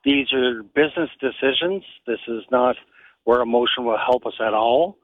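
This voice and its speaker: A man's voice: medium pitch, normal speed, dry recording. A man calling in to a radio show from Canada, giving blunt, matter-of-fact opinions over a phone line. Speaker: caller.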